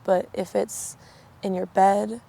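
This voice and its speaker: A woman's voice: medium pitch, flat delivery, takes it slowly, vocal fry, dark tone. A young woman sharing a personal faith testimony, chatty and full of "like", acting out the conversations she recounts. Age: young adult. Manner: chatty, peppered with "like", acts out quoted exchanges. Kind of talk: personal testimony, casual storytelling.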